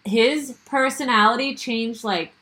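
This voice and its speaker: A woman's voice: a little high, a little slow, rough recording. Blunt, profane young woman storyteller. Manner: blunt, profane, animated retelling with quoted dialogue. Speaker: guest telling a story. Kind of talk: casual storytelling chat.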